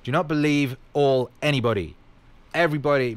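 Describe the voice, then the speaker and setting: A man talking through a casual livestream Q&A, answering viewers' questions one by one. He is blunt and emphatic, swears freely, and keeps coming back to the same punchy catchphrases. His voice sits at an ordinary male pitch. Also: brisk. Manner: repeats catchphrases.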